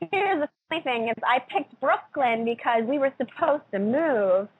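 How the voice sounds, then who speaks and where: A young woman from Connecticut, a country singer being interviewed on radio, chatting in a giggly, excitable way. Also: high voice, unhurried, husky, phone-quality sound.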